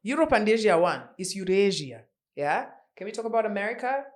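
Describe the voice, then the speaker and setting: A woman's voice: medium pitch, a little fast. A woman in her forties hosts a casual pop-culture news podcast. Her voice swoops up and down a lot as she chats. She keeps firing off rhetorical questions at her listeners. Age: around 40. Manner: chatty, animated, full of rhetorical questions. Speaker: podcast host.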